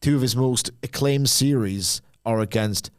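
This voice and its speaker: A man talking casually as co-host of a podcast. He rambles through his points, throwing in jokes and quick asides. His voice sits at an ordinary middle pitch. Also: smooth. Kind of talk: casual chat.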